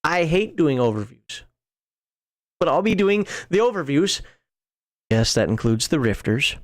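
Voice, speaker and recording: A man's voice: on the high side, sing-song, a little slow. A man hosting a show, reading rules aloud and wandering off into chatty asides. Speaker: podcast host. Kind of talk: casual rules walkthrough.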